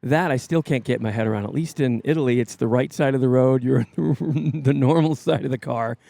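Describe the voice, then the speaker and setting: Gravelly, mellow-voiced chatty man. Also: mid-range voice, fairly quick, no echo. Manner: chatty, asks follow-up questions, rambling with restarts. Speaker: podcast co-host, father. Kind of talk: casual chat.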